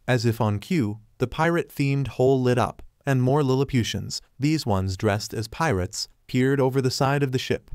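A man's voice: mid-range voice, moderate pace, hardly any pauses, a little mellow, clean tone, dry recording. Man reading a story in a dry voice. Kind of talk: fanfiction narration.

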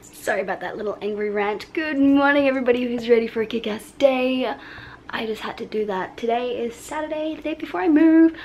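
Chatty swearing woman vlogger, noisy background. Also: fairly high pitch. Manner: rambling, chatty, swears freely. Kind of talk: casual vlog chat. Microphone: handheld camera mic.

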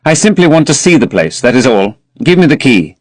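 A man voicing a petulant, impatient young gentleman who gives curt, clipped commands. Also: mid-range voice, sing-song, a little fast, no room sound, pitched above the performer's own voice.

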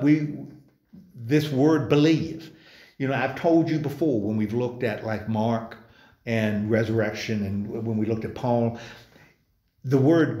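A man's voice: medium pitch, a little mellow, echoey room. Man teaching a church Bible class. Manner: conversational, many restarts, asks the group questions. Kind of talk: informal Bible study class. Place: church meeting room.

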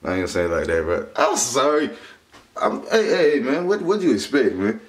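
A man's voice: mid-range voice, big pitch swings, moderate pace, breathy edge. Slangy man hyping his business. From the Carolinas. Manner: slangy, profane, hype shout-outs. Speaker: vlogger starting a business. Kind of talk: casual vlog monologue.

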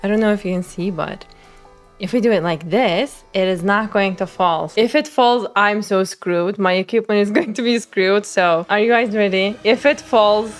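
A young woman streamer giving excitable commentary on her game pulls, pleading and squealing as the results come in. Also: mid-range voice, moderate pace, soft background music. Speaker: gaming content creator. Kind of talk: excited gacha-pull commentary.

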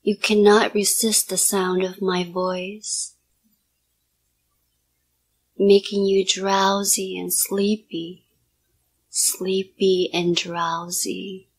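A woman hypnotist in a whispered role-play, giving soft, repetitive hypnotic commands in a partly whispered voice. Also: medium pitch, level tone, very slow, pauses often, slightly rough.

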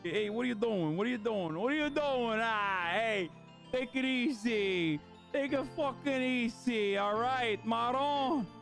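A man's voice: very high-pitched, expressive, measured pace, vocal fry, a bit bright, soft background music, heavily acted. A man voicing a belligerent male street thug who throws swaggering taunts.

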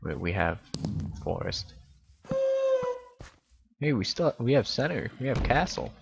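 A man giving casual, excitable and rambling commentary while playing a video game. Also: medium pitch, a little slow, vocal fry, noisy background. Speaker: gaming YouTuber.

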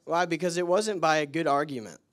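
A man with a slightly higher voice preaches in church. He laughs often as he tells his stories, then turns to fervent prayer. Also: a little fast. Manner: laughs often, excited storytelling. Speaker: guest preacher. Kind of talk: sermon storytelling and prayer.

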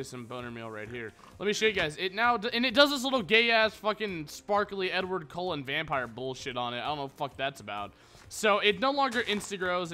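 A man's voice: on the high side, pushed and bright. A young man rambling and joking crudely as he narrates his own Minecraft game. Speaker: gaming YouTuber. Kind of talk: casual Minecraft let's play commentary. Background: background music.

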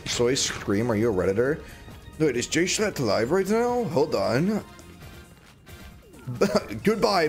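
A man's voice: medium pitch, a little mellow. A man livestreaming a game in casual chatter, joking around, reading chat aloud and breaking into sudden squeals and yelps.

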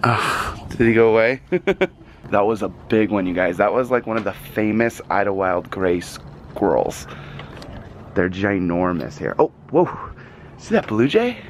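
A man's voice: lowish voice, big pitch swings, a little slow, a little hiss or hum. A man hosting a casual family vlog, chatting playfully with his kids and the viewers. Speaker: vlog host, father. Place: outdoors on a home porch.

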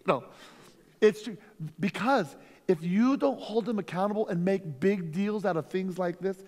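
A man, a lead pastor, teaching a conference workshop through energetic, emphatic stories. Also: high-pitched, unhurried. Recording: long reverb from a hall.

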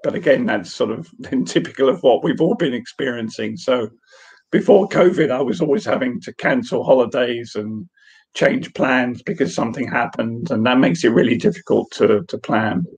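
A man's voice: mid-range voice, moderate pace, gravelly, darkish tone, husky. A man giving an earnest personal testimony in an online question session, telling a story with light laughs, heard over a video call. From England. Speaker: guest speaker.

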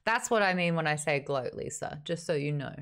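A woman's voice: deep voice, expressive, fairly quick. A woman hosting a casual live-streamed book chat, playful and teasing, with a bit of swearing. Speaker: host.

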